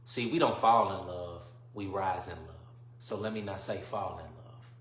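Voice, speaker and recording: A man hosting a livestream and delivering an emphatic, preachy monologue, often checking whether listeners follow him and swinging between quiet musing and loud bursts. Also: low-pitched, normal speed, reverberant, slight background noise. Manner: emphatic, keeps asking "you see what I'm saying". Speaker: livestream host.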